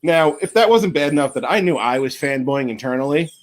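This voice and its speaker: A man's voice: fairly high pitch, a little fast. A man guesting on a podcast in casual chat, telling stories with jokey asides. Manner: animated storyteller, jokey asides.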